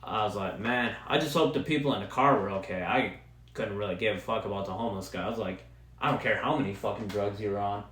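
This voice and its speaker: Profane rambling comedian in an echoey room. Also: male voice, on the low side, quick pace, fairly bright tone, slight background noise. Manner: profane, loose and rambling, heavy on "dude" and "man". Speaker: stand-up comedian and podcast host. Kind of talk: casual rambling solo podcast storytelling.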